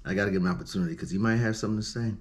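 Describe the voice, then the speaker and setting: A man hosting a reaction show, talking in a relaxed, laid-back way with casual slang. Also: on the low side, very fast. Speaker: host.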